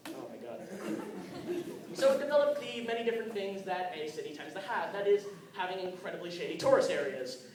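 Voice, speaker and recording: A man's voice: high-pitched, big pitch swings, brisk. A teenage boy doing a stand-up monologue at an open mic, nervous and self-deprecating, often stumbling over his words. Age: teens. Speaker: student comedian. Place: school hall with audience. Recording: echoey hall from far off, crowd.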